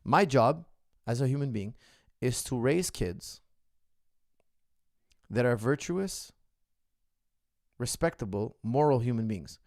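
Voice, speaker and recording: A man's voice: mid-range voice, lively intonation, slow pace, pauses often, a little mellow, dry recording, clean studio sound. A middle-aged man, a martial arts coach, answering viewer questions in an earnest, philosophical casual monologue. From the West.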